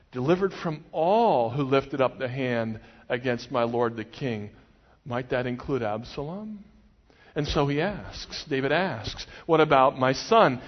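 A man preaching a sermon, retelling a story expressively and voicing the quotes of its people. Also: medium pitch. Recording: muffled recording with long hall reverb.

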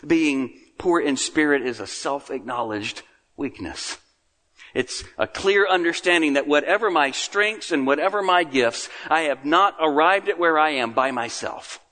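A man's voice: on the high side, unhurried. Preaching man in a reverberant hall. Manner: earnest preaching, rising emphasis then dropping to quiet. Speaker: pastor. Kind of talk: sermon. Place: church sanctuary. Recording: long reverb of a large room.

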